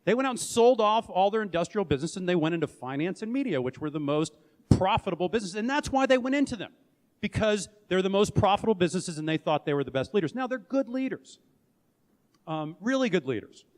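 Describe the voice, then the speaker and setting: A man's voice: high voice, very animated, fast. A middle-aged man, a company founder and CEO, giving a candid, conversational conference talk with frequent restarts. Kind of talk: conference presentation. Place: conference room or hall. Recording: long reverb of a hall.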